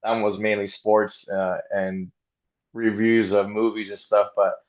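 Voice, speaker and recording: A man's voice: on the low side, level tone, unhurried, a little mellow. A man co-hosting a casual podcast, chatting loosely, laughing and swearing often. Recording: dull, muffled recording.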